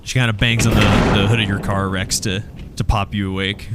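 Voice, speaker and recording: A man narrating as game master of a tabletop role-playing game, halting and restarting often. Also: on the low side, level tone, over loud music.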